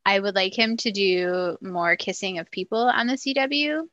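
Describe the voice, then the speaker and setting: A woman co-hosting a podcast, chatting casually about a TV show and slipping into quick voices when she quotes people. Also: medium pitch, lively intonation, a bit bright, dry recording, highs cut off. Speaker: podcast co-host.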